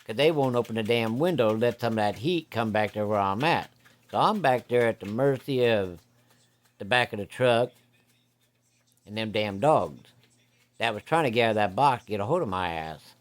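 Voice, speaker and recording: A man's voice: lowish voice, animated, moderate pace. A man telling a hunting story in a folksy, profane, vivid way. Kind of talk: casual spoken storytelling.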